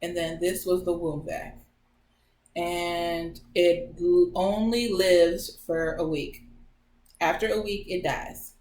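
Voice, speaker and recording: A woman's voice: on the low side, slow. Chatty young woman in a roomy echo. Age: 20s. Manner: chatty, animated retelling that acts out others' lines. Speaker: vlogger. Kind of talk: casual personal storytelling. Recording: roomy echo, faint background noise.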